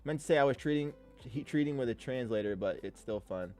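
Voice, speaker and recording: A man hosting a live trading stream, giving casual, energetic commentary full of slang, occasional swearing and shout-outs to viewers. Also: mid-range voice, brisk, soft background music. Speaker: livestream host and day trader.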